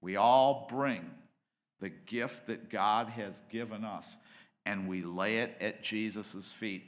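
A man preaching a sermon with passion, rising to loud emphatic peaks and dropping to hushed asides. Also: lowish voice, slow pace.

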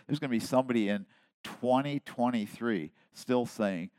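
A man in his seventies preaching a sermon, dropping to hushed asides and then rising to loud, emphatic declarations. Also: on the low side, lively intonation, moderate pace, no room sound. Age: 70s. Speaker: pastor.

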